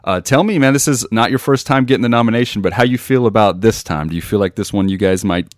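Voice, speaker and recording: A man's voice: on the low side, quick pace, no room sound, clean studio sound. A man hosting an interview podcast, talking in a laid-back, friendly way. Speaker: podcast host. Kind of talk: casual interview chat.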